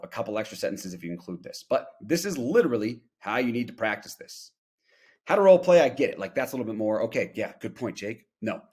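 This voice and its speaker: A man's voice: on the low side, breathy edge. A young man teaching sales calls in a casual, emphatic way, repeating practice lines to show how they should sound. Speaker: sales trainer. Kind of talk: instructional talk with practice call demos.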